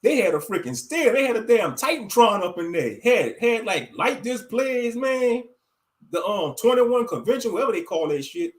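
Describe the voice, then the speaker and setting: A man in his thirties holds forth on a casual livestream, his voice sitting noticeably high for a man. He rants bluntly and profanely, rambling from point to point and calling his viewers family. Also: very animated, moderate pace. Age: 30s. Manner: addresses viewers directly as family. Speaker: livestream commentator.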